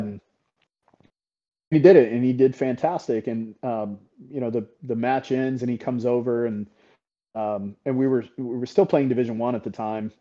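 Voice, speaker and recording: A middle-aged paintball coach talking as a podcast guest, candid and blunt, swearing freely and often checking in with "right?". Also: male voice, medium pitch, normal speed, dark tone. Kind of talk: casual interview talk. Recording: slightly dull podcast audio.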